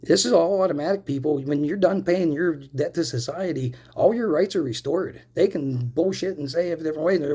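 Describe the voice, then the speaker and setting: Gen x guy venting on camera, gravelly husky voice, swears a lot, smoking. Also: on the high side, fairly quick, few pauses, warm tone. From Pennsylvania, US. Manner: angry and profane, addresses viewers as "people"; smoking while talking. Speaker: vlogger. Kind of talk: angry personal rant to camera.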